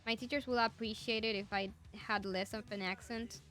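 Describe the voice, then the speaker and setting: Young woman streamer, native Spanish speaker with an accent, crisp and bright tone, eager rambling chat. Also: fairly high pitch, steady tone, normal speed, soft background music. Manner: enthusiastic, rambling. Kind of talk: casual chat with viewers.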